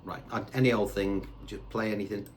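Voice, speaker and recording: A man's voice: lowish voice, steady tone, fairly quick. A man giving a casual guitar lesson, talking in a chatty way and asking rhetorical questions. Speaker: guitar teacher. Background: faint guitar and backing tracks.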